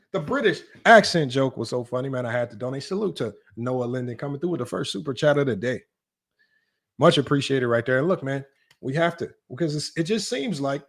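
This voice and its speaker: A young man hosting a casual basketball livestream, reading chat and super chats in an animated, mocking way that jumps high when he's incredulous. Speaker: sports talk livestream host.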